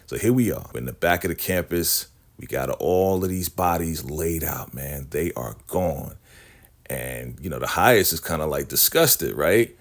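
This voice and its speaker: A man's voice: very deep voice, animated, a little slow. A man casually recapping a TV episode, telling the story with street slang and acting out the characters. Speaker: TV recap vlogger.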